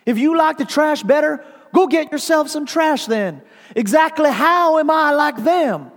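A man's voice: big pitch swings, fairly quick, warm tone, husky, full character voice. A preacher voicing a self-righteous older churchwoman who snarls indignantly at God. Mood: furious. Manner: snarling, indignant, shrill outbursts. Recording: long hall reverb.

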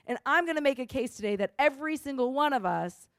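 A woman's voice: high voice, lively intonation, fast, clean tone, no echo, studio quality. A woman preaching a conversational sermon, talking casually, often saying "like" and checking in with "right?".

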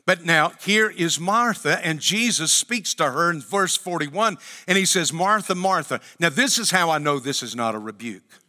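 A man delivers a sermon in a church, his voice bright and forceful. He preaches with an emphatic, repeating cadence. A long reverb from the hall trails after each phrase. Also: a little high, expressive, moderate pace, few pauses. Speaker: pastor. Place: church sanctuary.

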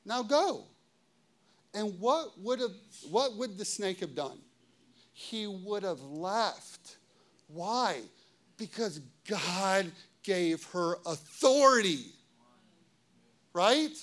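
A man with a high voice preaches with fervor, driving his points home through repetition. He swings from ringing, forceful declarations down to soft, hushed stretches, as a pastor speaking to his congregation. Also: expressive, takes it slowly. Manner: emphatic preaching, swings between loud declarations and hushed intimate passages. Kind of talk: sermon.

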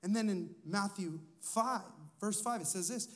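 A man's voice: high voice, a little slow, a bit bright. A man who is a lead pastor, preaching a sermon in a conversational way, asking his listeners questions and telling personal stories.

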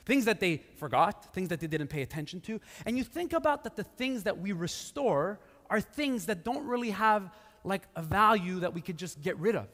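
This pastor's high-pitched, somewhat bright voice stays animated at a normal speed as he gives a casual sermon in a church sanctuary. He uses lots of fillers and restarts, and the live hall rings with long reverb.

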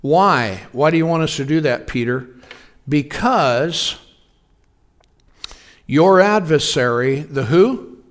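A man's voice: a little high, animated, slow, long pauses. A man in his sixties preaching a conversational sermon, folksy, telling personal stories and asking the congregation questions. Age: 60s. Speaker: pastor.

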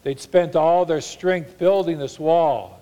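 Preaching earnestly in a voice on the high side, this pastor eases his pace and volume for important lines, shifting into mock voices to paraphrase others.

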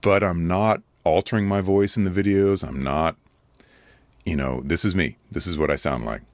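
A man with a very deep, slightly rough voice, earnest and measured, answering viewer comments in casual commentary. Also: no room sound. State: a little rough from allergies. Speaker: adult video creator answering comments.

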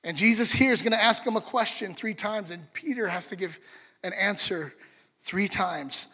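A man's voice: high-pitched, normal speed, pushed and bright. A man preaching a sermon in an earnest, conversational way, with restarts and asides to the congregation. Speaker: pastor. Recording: reverberant hall.

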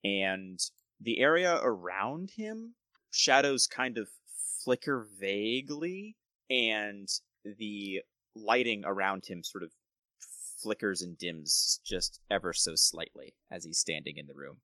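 A man's voice: lowish voice, expressive, slow, sharp tone, no echo. A man narrating as game master of a tabletop game, describing scenes and correcting himself as he goes.

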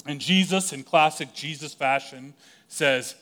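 Speaking at a medium pitch in a steady, fairly bright tone, a male pastor delivers his sermon in a conversational manner, mixing in offhand asides and brief acted-out quotes.

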